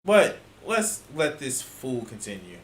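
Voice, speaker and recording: A man's voice: mid-range voice, very animated, takes it slowly, fairly bright tone, soft background music. A man reacting to a video with exasperated, profanity-laced, sarcastic commentary. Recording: echoey room.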